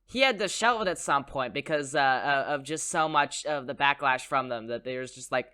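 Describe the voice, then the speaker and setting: A man's voice: medium pitch, moderate pace, pushed and bright, smooth. A man co-hosting a podcast, talking about a film with enthusiasm and playful, rambling asides. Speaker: podcast co-host. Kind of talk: casual film discussion.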